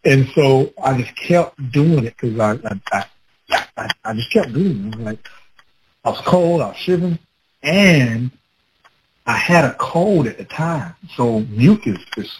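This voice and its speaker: A man with children telling a personal story in a casual, animated way, acting out his own past words with laughter. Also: mid-range voice, a little slow, a little hiss or hum, poor audio. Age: adult with children.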